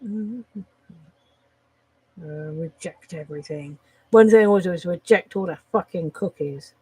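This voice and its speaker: A woman's voice: on the low side, moderate pace, mellow, breathy edge, no room sound, low-quality recording. A woman chatting casually on a live stream, rambling, swearing freely and laughing at her own jokes.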